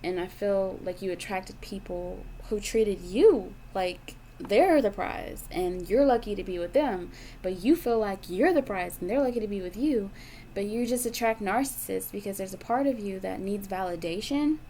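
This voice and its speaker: A young woman delivers a tarot reading in a frank, profane, emphatic way, circling back to the same points again and again. Her voice sits at a middle pitch, with a faint hiss of noise behind it. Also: moderate pace, mellow. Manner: blunt, profane, emphatic, with lots of repetition. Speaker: tarot reader.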